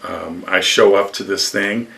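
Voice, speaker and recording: An older man from upstate New York, a former lacrosse coach, telling rambling stories in an interview with lively acted quotes. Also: sits low, measured pace, gravelly, far from the mic. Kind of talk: storytelling interview.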